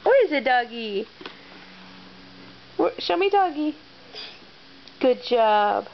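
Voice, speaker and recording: A woman's voice: sits high, very animated, slow pace, vocal fry, lo-fi sound, a little hiss or hum. A mother reading a picture book to her toddler in a sing-song, coaxing baby-talk voice.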